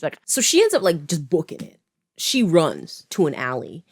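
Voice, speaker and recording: Chatty woman in her twenties from Canada, lower voice with lively swings, close dry sound, sarcastic recap. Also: moderate pace, no room sound. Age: 20s. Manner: chatty, filler-heavy, sarcastic asides. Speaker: writer and video creator. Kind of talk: casual plot recap to camera.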